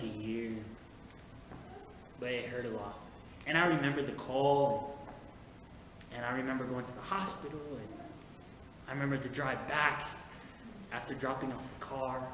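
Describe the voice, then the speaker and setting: A man preaching a sermon as pastor, moving from quiet personal storytelling to emphatic preaching. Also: medium pitch. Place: church sanctuary. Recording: echoey church hall with faint noise.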